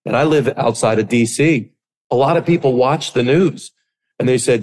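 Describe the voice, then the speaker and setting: Animated man telling stories. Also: mid-range voice, normal speed. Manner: animated storyteller, acts out quotes. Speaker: podcast guest, business coach. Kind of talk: casual interview storytelling.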